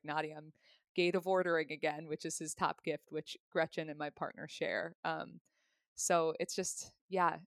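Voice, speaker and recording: A woman with a low, gravelly voice talks through ideas on a podcast. She explains in a chatty, easygoing way and laughs now and then. The sound is close and dry, with no room around it. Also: dry recording. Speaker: podcast guest, human design reader. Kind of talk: casual podcast conversation.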